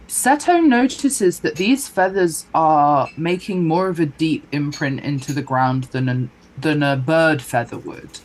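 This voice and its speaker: A woman running a tabletop game as game master, giving measured, descriptive narration with thinking pauses. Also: low-pitched, poor audio.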